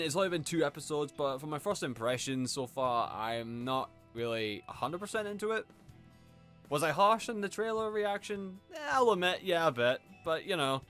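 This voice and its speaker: A man giving a casual, sarcastic video review, exasperated and mocking, with faint music behind. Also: on the high side. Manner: animated, sarcastic, exasperated, mocking quoted voices. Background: faint background music.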